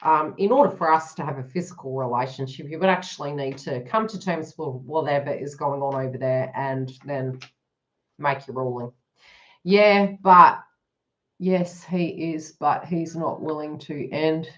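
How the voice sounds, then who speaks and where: Woman, low-ish voice, tarot reader on a live stream, chatty and blunt, lo-fi dull sound. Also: moderate pace, fairly bright tone. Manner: chatty, frank and joking. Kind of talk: live-streamed card reading.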